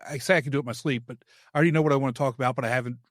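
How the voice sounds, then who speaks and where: A man hosting an interview podcast in casual chat, talking haltingly with many restarts. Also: medium pitch, fairly even intonation, no echo, studio quality. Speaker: podcast host.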